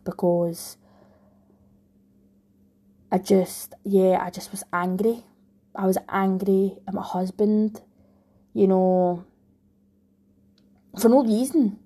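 Candid Scottish young woman, husky voice. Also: medium pitch, dark tone. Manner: rambling, heartfelt, frequent restarts. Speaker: vlogger, new mum. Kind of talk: candid personal storytelling.

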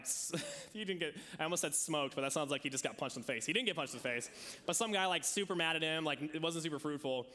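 A man's voice: on the high side, pushed and bright, long reverb tail. A man preaching a sermon in a casual storytelling way, acting out the voices of people he quotes. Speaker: pastor.

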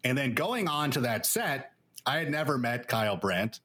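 Male interview guest, chatty and rambling, lively storyteller, plenty of "like" and restarts. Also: mid-range voice, moderate pace, slightly rough. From Los Angeles area. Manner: rambling, animated storyteller with many fillers. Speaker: guest analyst. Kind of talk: casual interview chat.

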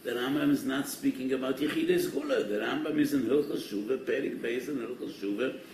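An older man giving a Torah lecture as a rabbi, animated and emphatic, mixing in Hebrew and Yiddish terms. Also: medium pitch, fairly quick. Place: study hall. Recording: echoey hall, distant mic, faint noise.

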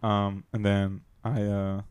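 A man's voice: lowish voice, little pitch movement, slow pace, darkish tone, clean tone. A young man co-hosting a casual chat podcast, rambling with lots of fillers, apologizing and laughing often. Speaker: podcast co-host.

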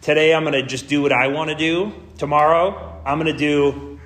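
A man voicing Jesus as a calm, carefree teacher, speaking in a breezy, offhand way within a sermon. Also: mid-range voice, unhurried, natural voice.

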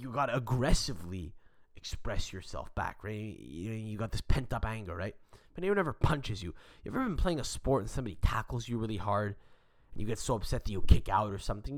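A young adult man hosting a podcast, telling a story in a rambling, profane, animated rant. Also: on the low side. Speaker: podcast host.

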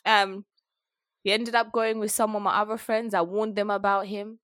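A young woman, telling a story in a frank, animated way while chatting as a podcast co-host. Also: medium pitch, moderate pace, no echo, studio quality. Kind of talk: casual chat.

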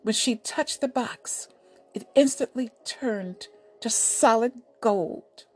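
A woman narrating a folk tale in a soft, deliberate storytelling manner. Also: on the high side, husky.

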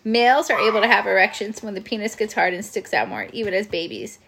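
A woman's voice: mid-range voice, fast talker, gravelly, fairly bright tone, slightly rough. A woman co-hosting a podcast in casual chat, giggly, reading aloud from a book. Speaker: podcast co-host.

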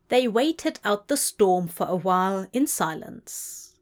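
A woman reading a story aloud in a gentle, unhurried storytelling voice. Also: mid-range voice, lively intonation. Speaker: reader. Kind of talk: audiobook-style fan fiction reading.

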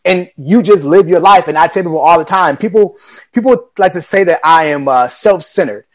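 A man's voice: high-pitched, moderate pace. A man hosting a podcast, speaking earnestly and encouragingly, repeating phrases for emphasis. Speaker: podcast host. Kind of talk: casual conversation.

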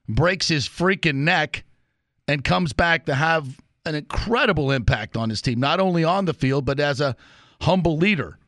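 A man delivers a sports talk monologue with emphatic, punchy repetition. His voice sits a little high for a man. The sound is close and dry, with no room around it. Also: fairly bright tone, dry recording. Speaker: sports radio host.

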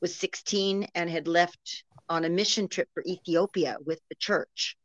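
A woman with a fairly low voice explains things steadily and in detail. The sound is dry and close, with slightly dull, lo-fi quality. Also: steady tone, unhurried, no echo. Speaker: interview guest. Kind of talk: personal interview talk.

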